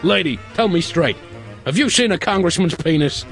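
A man's voice: on the high side, animated, moderate pace, a bit bright, soft background music, pitched above the performer's own voice. A man voicing a swaggering, pushy male private detective in a comic story reading. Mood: brash. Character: brash tough-talking male private detective.

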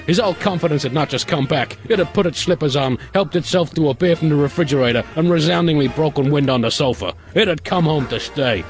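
A man reading his own absurd comic story aloud in a dry, deadpan way. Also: a little high, quick pace, few pauses, soft background music. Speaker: host, comic story writer.

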